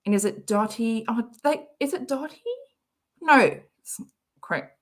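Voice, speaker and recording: Brief: Australian female streamer, giggly casual chat, unhurried delivery, slightly high-pitched. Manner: chatty, giggly, reads out chat messages. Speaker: livestream host. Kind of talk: casual chat reacting to a clip.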